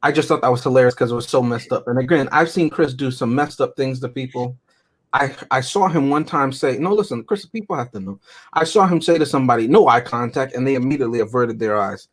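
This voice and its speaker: A man's voice: mid-range voice, fast. A man co-hosting a casual movie-review podcast, retelling film scenes with laughter and acting out the quotes. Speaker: podcast co-host.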